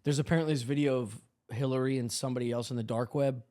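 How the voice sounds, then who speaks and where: A man's voice: mid-range voice, fast talker. A man riffing crudely and at length in a casual comedy podcast chat. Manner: rambling, crude, deadpan riffs. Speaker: podcast co-host or guest.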